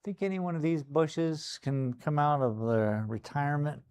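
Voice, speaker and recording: A man's voice: a little high, moderate pace, clean tone. Laid-back man painting live. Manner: relaxed, talks to himself while working. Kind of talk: casual live-stream chat while painting. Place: art gallery studio.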